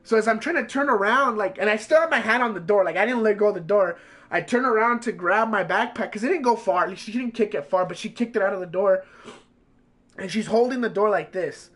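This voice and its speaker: A man's voice: high voice, fairly quick, a bit bright. A man streaming from home, telling a profane, heated story in a casual way.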